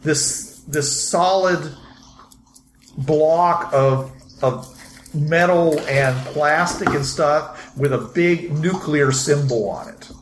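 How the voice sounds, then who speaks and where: A man's voice: a little high, a little hiss or hum. Man running a tabletop game, echoey room. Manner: quick, loose, thinking aloud with fillers. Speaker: game master.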